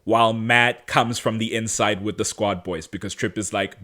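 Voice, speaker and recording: A man's voice: lowish voice, steady tone, normal speed, sharp tone. A man co-hosting a podcast, recapping a TV episode in a casual, joking way and laughing often. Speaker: podcast co-host.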